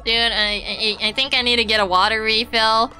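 A woman streaming as she reads a game aloud, casual and self-mocking, her voice hoarse and strained. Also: fairly high pitch, steady tone, normal speed, pushed and bright, faint music behind. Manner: self-mocking, swears, restarts often. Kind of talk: casual live-stream chat and reading.

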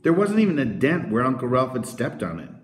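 A man reading a children's novel aloud as narrator, with expressive storytelling. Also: mid-range voice, fairly quick, a little hiss or hum. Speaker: audiobook narrator. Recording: roomy echo.

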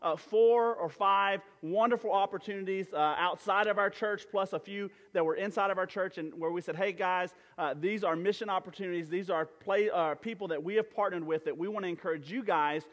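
A man's voice: sits high, brisk, few pauses, a bit bright. A man preaching a sermon as pastor in a church sanctuary, talking conversationally with many fillers and restarts. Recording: church hall with long reverb.

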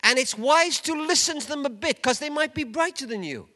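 An older man preaching a sermon at a conference, emphatic, dropping from loud urging to hushed asides. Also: very high voice, lively intonation, brisk. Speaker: conference speaker. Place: large event hall. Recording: long reverb of a large hall.

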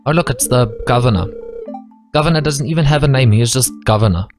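A man's voice: medium pitch, quick pace. Wry man hosting a gaming video. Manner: wry, joking commentary. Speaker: let's-play host. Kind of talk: casual gaming chat. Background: game music.

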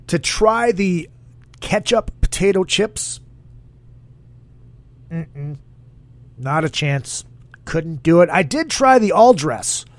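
A man with a high, gravelly voice hosts a casual podcast, rambling and joking crudely. His pitch swings all over the place as he reacts to listener comments. The sound is dry and close. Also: fairly bright tone, dry recording. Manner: rambling, crude, jokey, reads chat comments aloud. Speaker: podcast host. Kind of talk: casual solo podcast chat.

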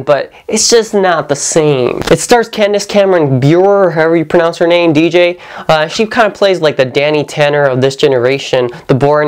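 A woman vlogger giving a sarcastic, opinionated review of a TV series, sometimes mimicking voices. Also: sits low.

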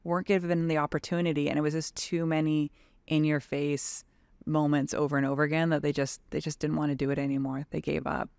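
A woman's voice: low-pitched, little pitch movement, brisk, vocal fry, darkish tone, clean tone, no room sound. A woman in her thirties from Canada, a tradeswoman talking frankly and animatedly as a podcast guest, with lots of "like" in her speech. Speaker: guest, tradeswoman and advocacy leader. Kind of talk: casual podcast conversation.

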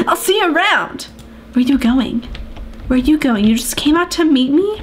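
A woman's voice: high-pitched, animated, a little slow, slight background noise. A woman hosting a let's play of a farming game, playful and chatty, full of gasps and asides. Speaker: gaming video host.

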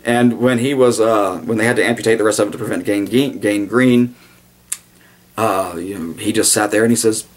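A man with a low, husky voice delivers a rambling commentary monologue. He is blunt and sarcastic and veers off into asides. Now and then he jumps into exaggerated mock voices to act out quotes. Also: moderate pace. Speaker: video commentator.

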